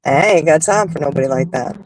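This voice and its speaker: A man's voice: fairly high pitch, fast talker, no room sound, rough recording. A man hosting a show, talking candidly and at length about personal growth, frank and emphatic, thinking aloud as he goes. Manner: rambling, emphatic, frank with occasional swearing; thinks aloud with many fillers and restarts. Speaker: host.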